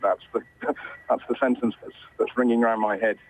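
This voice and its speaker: A man's voice: medium pitch, fairly even intonation, brisk, a little hiss or hum, poor audio. A British man, a motorsport commentator, talking in a conversational way with frequent restarts during a news interview. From Britain.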